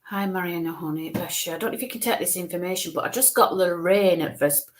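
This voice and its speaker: A woman giving live psychic mediumship readings, reassuring viewers and softly coaxing spirits to come closer. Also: lowish voice, quick pace. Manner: reassuring, repeats "bless you" and "okay", coaxing spirits closer.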